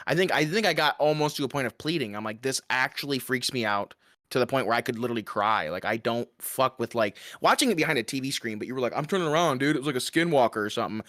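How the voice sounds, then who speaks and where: Fast-talking man telling stories animatedly. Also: medium pitch, no room sound, studio quality. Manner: fast, animated storytelling with swearing and quoted asides. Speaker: podcast co-host. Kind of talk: casual chat.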